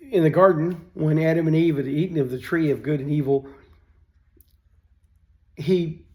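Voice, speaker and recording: Older guy, kinda high voice, chatty and rambling, tells a story then gets preachy about lifting folks up. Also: darkish tone. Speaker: vlogger telling a story. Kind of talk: casual storytelling with faith reflection.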